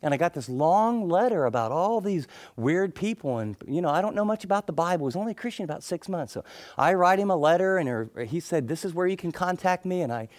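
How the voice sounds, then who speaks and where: A middle-aged male pastor preaching a sermon, telling stories and acting out the people in them, then dropping into soft, intense tones. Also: high-pitched, expressive, quick pace. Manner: storytelling, acts out quoted people, drops to soft intense tones.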